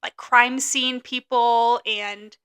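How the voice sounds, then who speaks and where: Young woman, podcast co-host, high voice, bright tone, laid-back, filler-heavy storytelling. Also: steady tone, slow, smooth. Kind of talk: casual chat, storytelling. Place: indoors, filming on a phone.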